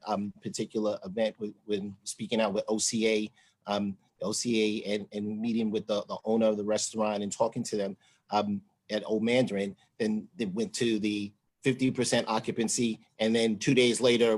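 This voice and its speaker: Casting: male host with a husky voice, chatty and rambling, low-pitched. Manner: rambling, chatty, many fillers. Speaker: deputy county executive, host. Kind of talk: livestream discussion.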